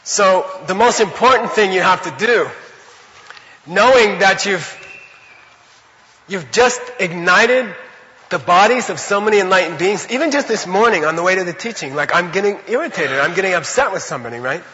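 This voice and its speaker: A man giving an animated, conversational Buddhist teaching to a class, often checking in with his listeners. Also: sits high, normal speed, in a large hall, dull audio. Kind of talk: dharma lecture to a class.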